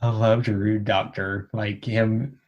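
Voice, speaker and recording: A young man with a low voice co-hosts a podcast in easy, casual chat. He talks in halting bursts, stopping and restarting often and leaning on fillers as he thinks aloud. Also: level tone, lo-fi sound. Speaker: podcast co-host.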